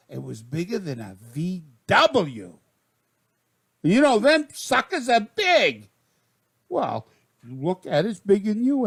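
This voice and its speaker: Excitable older man with a Maine accent. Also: on the high side. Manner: rambling, excitable, with folksy slang. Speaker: storyteller. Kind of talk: comic tall tale.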